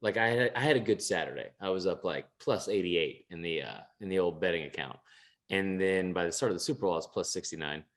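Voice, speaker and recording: Low-pitched and quick, a young man's voice carries a casual sports podcast chat where he co-hosts. He rambles, curses plenty, keeps restarting his sentences, and laughs at himself.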